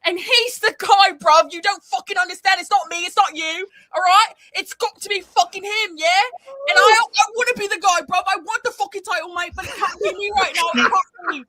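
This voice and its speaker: A woman doing an impression of a brash, trash-talking British male wrestler, loud and full of swearing and slang. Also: extremely high pitch, animated, fast talker, hardly any pauses, no echo, voice pushed up. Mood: fired up.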